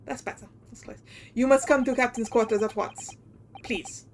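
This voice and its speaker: A woman's voice: on the high side, fairly even intonation, normal speed, a little hiss or hum, close to an everyday voice. A woman voicing a brusque male sailor with a put-on Russian accent, giving curt orders. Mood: urgent.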